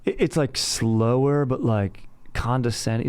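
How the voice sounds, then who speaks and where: A man's voice: mid-range voice, unhurried, darkish tone, clean tone, no echo. A young man hosting a casual movie review chat, slangy and bro-ish, calling everyone dude. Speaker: host.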